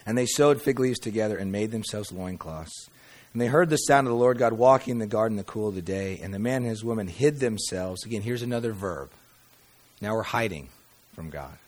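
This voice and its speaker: Male pastor, lower voice, sermon delivery: dramatic readings, dry humor, hushed emphasis. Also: brisk. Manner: dramatic reading of scripture with sudden quiet drops; conversational asides and wry humor.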